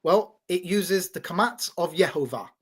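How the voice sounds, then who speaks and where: A man's voice: sits high, expressive, moderate pace, breathy edge. A man in a casual talk, explaining in a teaching tone with many restarts and repeated words, checking in with "right?". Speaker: podcast host.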